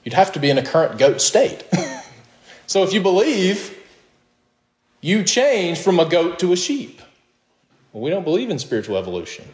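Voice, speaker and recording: A man preaching a sermon in an emphatic way, reading verses aloud and pushing his voice up high on his questions. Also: reverberant. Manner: emphatic, rising to high questions, with short laughs.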